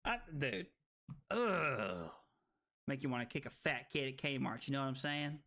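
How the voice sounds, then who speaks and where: A man streaming a card game, tipsy and rowdy, swearing, laughing and shouting with excitement. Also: mid-range voice, unhurried, background noise. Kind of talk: rowdy drunk livestream chat.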